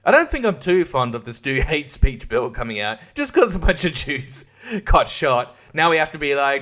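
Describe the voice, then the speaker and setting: A man's voice: a little high, big pitch swings, moderate pace, fairly bright tone. An Australian man hosting a podcast, ranting in a casual monologue that is profane and sarcastic, laughing often. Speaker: podcast host and comedian.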